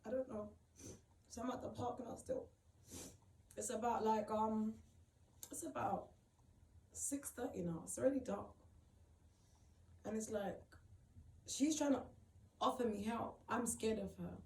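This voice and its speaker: A woman tells her own story in a halting, emotional way, often repeating herself and filling gaps with "like". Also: a little high, a little mellow. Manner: halting, repeats phrases, many fillers. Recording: roomy, distant mic, faint background noise.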